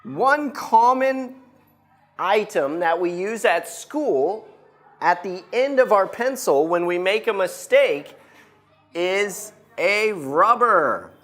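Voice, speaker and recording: A woman teaching an English class, modelling words slowly and clearly for her students. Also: mid-range voice, animated, faint music behind. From United States. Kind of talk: classroom lesson.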